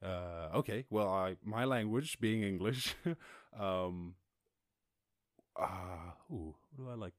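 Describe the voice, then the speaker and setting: A man from Ireland hosting a casual livestream chat, rambling, animated and laughing often as he talks. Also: low voice, takes it slowly, no room sound, studio quality. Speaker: host.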